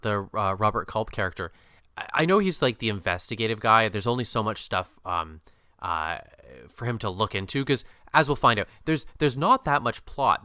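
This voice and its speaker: A man with a lowish, bright, smooth voice co-hosting a casual film discussion, recorded close and dry. He talks in a meandering way, stopping and restarting with "uh" and "um," and drops in dry asides. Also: no echo. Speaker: podcast co-host.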